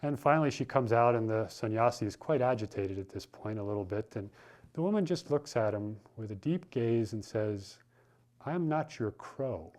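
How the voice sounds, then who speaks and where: Relaxed low-voiced man preaching. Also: a little fast. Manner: informal, conversational, with restarts. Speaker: spiritual teacher. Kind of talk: sermon with storytelling.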